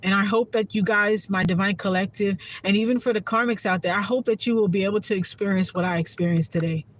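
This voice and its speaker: A woman's voice: medium pitch, fairly even intonation, fast, a little hiss or hum. A woman giving a heartfelt, profane casual monologue to her viewers as a spiritual content creator.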